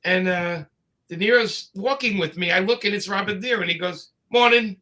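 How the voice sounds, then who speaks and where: A man's voice: high voice, brisk, sharp tone. Chatty man telling rambling stories. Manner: rambling anecdotes with many fillers and restarts. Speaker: comics creator telling stories. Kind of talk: casual storytelling chat.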